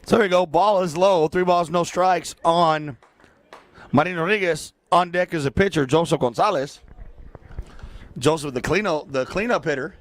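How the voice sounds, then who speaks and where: A man's voice: a little high, moderate pace. Chatty man calling a baseball game. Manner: joking, chatty, breaks into silly asides. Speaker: play-by-play announcer. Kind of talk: local baseball commentary.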